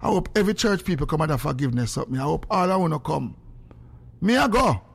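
A man's voice: on the high side, rapid-fire. A man chatting animatedly on a casual livestream, greeting viewers by name. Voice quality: gravelly, animated and excitable. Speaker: social media livestreamer. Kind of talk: casual live chat.

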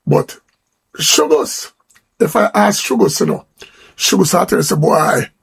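Jamaican male radio host, emphatic and chatty, somewhat high voice with lots of gravel. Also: unhurried. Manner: emphatic and conversational, peppered with "you know". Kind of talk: radio talk show monologue.

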